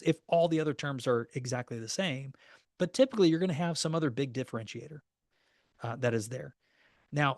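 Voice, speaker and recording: A man's voice: mid-range voice, no echo, studio quality. A man teaching agents how to make and negotiate offers, speaking in a practical coaching tone and acting out sample calls. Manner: practical, coaching tone with acted phone scripts. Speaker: real estate trainer. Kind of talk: recorded training class.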